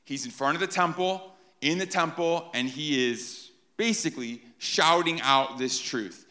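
A man preaching an animated sermon to a live congregation, often checking in with "right?". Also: fairly high pitch, measured pace. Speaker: pastor.

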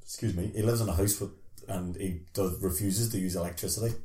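A man's voice: sits low, steady tone, quick pace, dark tone. A man hosting a podcast with friends, chatting casually in a rambling, sweary way. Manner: swearing, rambling, laughs often. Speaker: podcast host. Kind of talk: casual chat. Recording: echoey room.

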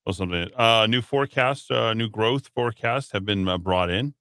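Talk radio host, male: punchy bright tone, dry studio mic, rambling headline rundown. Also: lowish voice, a little fast, clear, resonant tone, no room sound. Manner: rambling, reads headlines then riffs with filler words. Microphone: studio microphone.

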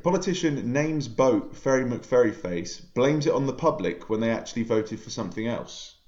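A man's voice: medium pitch, animated, moderate pace, a little mellow. Guy on a dull-sounding video call, lots of ums, chatty podcast co-host. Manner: laughing at himself, hesitant with frequent ums. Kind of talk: casual podcast chat.

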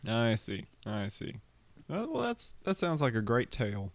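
A man's voice: medium pitch, big pitch swings, dry recording. A young man hosting a podcast in casual chat, playful and teasing. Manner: playful, teasing, quick to laugh. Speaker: podcast host.

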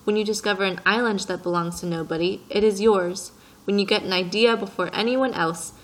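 A woman's voice: medium pitch, a bit bright, lightly acted, rough recording. A fussy, self-important businessman speaks with precise, slightly raised force, as a woman reading an audiobook puts him on. He is peevish and pompous, a middle-aged man sure of his own importance.

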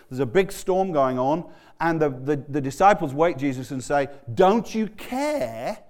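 A man preaching a sermon in a loose, conversational way, often stumbling and restarting words as he tells the story. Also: a little high. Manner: conversational, animated, stammering restarts. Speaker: pastor.

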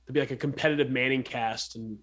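A man co-hosting a sports podcast talks in a loose, rambling way, full of fillers and jokes. His voice is bright and forceful, at an ordinary pitch for a man. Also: steady tone, fast talker. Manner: rambling, joking, lots of fillers and restarts. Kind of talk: casual sports chat.

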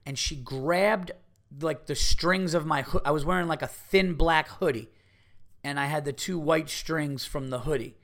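A man's voice: a little high, a little slow, fairly bright tone. A middle-aged man, a comedian hosting his podcast, telling a profane, heated story and repeating himself as he acts out what people said.

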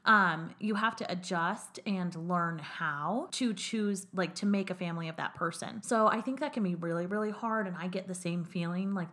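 A woman's voice: fairly low pitch, fairly bright tone. A young woman co-hosting a podcast, chatting candidly and swearing as she retells conversations. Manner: candid, swearing, quotes others in run-on retellings. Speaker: podcast co-host. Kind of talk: casual podcast chat.

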